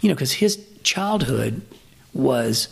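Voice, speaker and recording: A man with a deeply gravelly, rough-edged voice and a husky, breathy grain tells stories from his Hollywood career. He swears freely and rambles through anecdotes, stopping and restarting his sentences. His pitch sits in the ordinary middle range for a man. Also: slow. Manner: profane, rambling, animated anecdotes with many restarts. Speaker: guest, Hollywood fight coordinator and trainer. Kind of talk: casual storytelling in a podcast interview.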